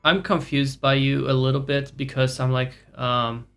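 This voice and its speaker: A man's voice: medium pitch, level tone, normal speed, a bit bright, faint music behind. Sarcastic, rambling male streamer. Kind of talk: casual live-stream chat with viewers.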